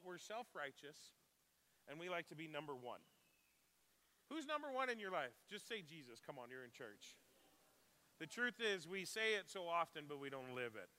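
Pastor guy giving a casual sermon, high bright voice, long hall echo. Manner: conversational, asks the congregation questions. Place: church sanctuary.

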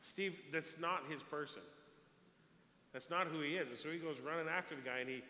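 Forceful bright-voiced preacher in an echoey hall. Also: male voice, a little high, brisk. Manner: animated storyteller, repeats words as he goes. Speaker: pastor. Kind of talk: sermon with storytelling. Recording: echoey hall, long reverb, faint hiss.

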